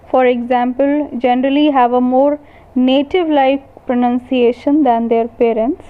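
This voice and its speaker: Slow high-voiced woman lecturer, Indian English. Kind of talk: scripted lecture narration. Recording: tinny phone-like audio.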